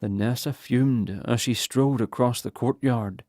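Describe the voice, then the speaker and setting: Slow, mellow male audiobook narrator. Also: mid-range voice, dry recording, clean studio sound. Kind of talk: scripted fantasy narration.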